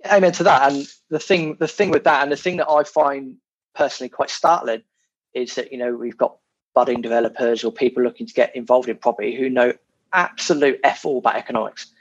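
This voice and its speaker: Brisk and steady in tone, this medium-pitched, slightly rough voice belongs to a podcast guest talking animatedly about property. He curses here and there and repeats words during the casual interview, captured on a dull lo-fi recording.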